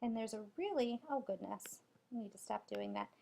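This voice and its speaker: A woman teacher giving a recorded spelling lesson to young children, spelling out letters and clapping out syllables deliberately. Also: a little high, gravelly, warm tone, slight background noise.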